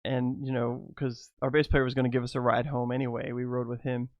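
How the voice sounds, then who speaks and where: A man's voice: mid-range voice, little pitch movement, fairly quick, dry recording, muffled recording. A middle-aged man telling rambling personal stories to his viewers, laughing often between lines. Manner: loose and rambling, many fillers. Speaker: vlogger. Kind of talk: casual storytelling to camera.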